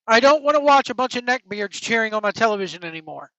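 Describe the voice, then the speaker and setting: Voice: medium pitch, lively intonation, fast, fairly bright tone, dry recording. A wrestling podcast host on an angry, profane opinion rant, blunt and heated. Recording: dull lo-fi dry recording.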